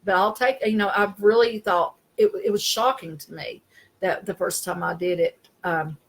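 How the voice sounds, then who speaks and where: A woman's voice: medium pitch, fairly even intonation, moderate pace, vocal fry, poor audio. Woman, spiritual consultant, casual and self-deprecating, laughs easily, speaking over a video call. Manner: chatty, self-deprecating, laughs often, trails off. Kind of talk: casual chat.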